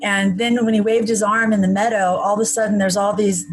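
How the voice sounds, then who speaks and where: A woman tells a personal story to an interviewer in a chatty, matter-of-fact manner, dropping in wry asides. Her pitch sits in a middle range for a woman, and a faint hiss runs beneath her voice. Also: little pitch movement, fairly quick, rough recording. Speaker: interview guest. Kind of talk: recounting a personal story in conversation.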